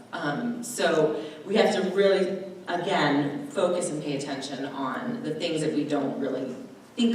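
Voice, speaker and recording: A low-pitched woman speaks in an easy, talkative way to a live audience, acting out little quoted voices as she goes. She is heard from a distance in a very echoey hall. A faint room hum sits behind her. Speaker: dementia care presenter. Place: large room at a presentation.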